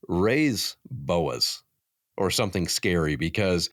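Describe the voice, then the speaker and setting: A man in his thirties spins a story as a guest on a podcast, lively and full of swearing. His voice sits low, and the sound is dry and close with no room around it. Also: slow pace, no echo. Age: 30s. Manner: animated, profane storyteller. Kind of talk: casual storytelling chat.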